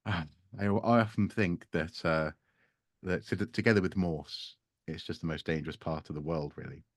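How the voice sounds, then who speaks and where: A man's voice: deep voice, steady tone, moderate pace, dry recording. A man as a guest in a casual chat, joking dryly and often trailing off. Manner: dry joking, trailing off, hesitant restarts. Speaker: guest archaeologist.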